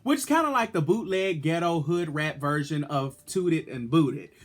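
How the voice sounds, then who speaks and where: A man's voice: a little high, animated, moderate pace. A man, a drag queen vlogger, chatting in a sassy, playful way as he reviews an episode. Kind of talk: casual video review.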